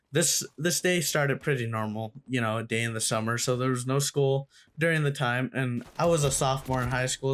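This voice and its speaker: Young guy doing a storytime, lots of slang and cussing, mid-pitched voice. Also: fairly bright tone. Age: young adult. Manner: slangy, swears a lot. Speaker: storytime YouTuber. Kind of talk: casual storytime.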